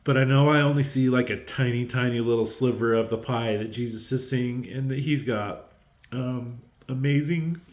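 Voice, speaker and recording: A man giving a heartfelt, unscripted Bible devotional, halting with many pauses and restarts, close to tears. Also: mid-range voice, roomy sound. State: tearful.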